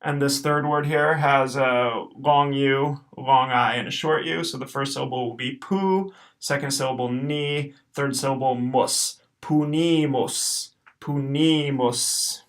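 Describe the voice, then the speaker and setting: Man, Latin teacher, recorded lesson, gravelly voice, middle pitch, slow careful repetition. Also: fairly bright tone. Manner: patient, repeats each word slowly and clearly.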